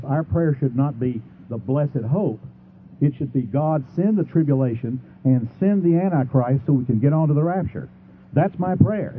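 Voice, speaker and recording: A man making a formal debate argument, reading scripture passages aloud and slowing down to stress key words. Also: medium pitch. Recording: tinny phone-like sound with faint noise.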